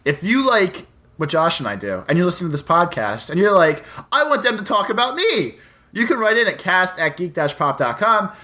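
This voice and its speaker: A man's voice: on the high side, sing-song, brisk, sharp tone. A man in his thirties co-hosting a podcast, chatting casually with joking, profane banter. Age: 30s. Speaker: podcast co-host.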